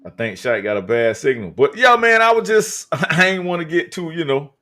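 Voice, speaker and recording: A man's voice: on the high side, sing-song, normal speed, pushed and bright. A man hosting a live stream, talking emphatically and drawing out his words with many hesitations. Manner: emphatic, drawn out, many uh fillers. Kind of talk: casual live-stream talk.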